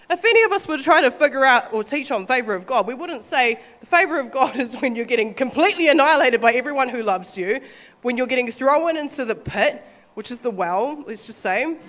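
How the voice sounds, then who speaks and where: Woman preacher, New Zealand accent, fairly high voice, animated sermon delivery. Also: in a large hall. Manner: animated, acts out quoted voices, laughs often.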